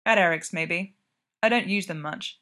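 A woman's voice: fairly low pitch, normal speed, sharp tone. A woman reading a story, voicing a reserved, solemn young man, a hockey goalie, who speaks tersely and sounds unbothered.

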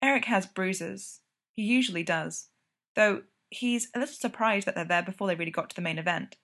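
A woman narrating a piece of fiction in a steady storytelling delivery. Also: mid-range voice, fairly quick. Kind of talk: audiobook reading of fiction.

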